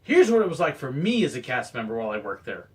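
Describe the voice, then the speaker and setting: A man casually telling stories about his old theme park job, acting out quoted moments with sudden loud bursts. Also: mid-range voice, very animated, fast talker, recorded from a distance, soft background music. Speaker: former theme park photographer sharing stories. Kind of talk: casual storytelling monologue.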